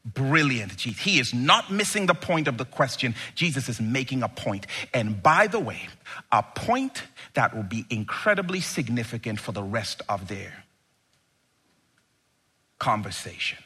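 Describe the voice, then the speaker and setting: Male preacher, lively delivery, slow and deliberate, husky edge, emphatic sermon with rhetorical questions. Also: medium pitch.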